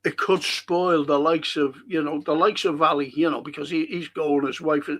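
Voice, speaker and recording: An older man hosts a live stream and reads out viewer comments. He talks in a rambling, heated way, swears often, and sits a bit higher in pitch than most men. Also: steady tone, moderate pace, fairly bright tone. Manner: passionate, rambling, swears freely. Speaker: podcast host.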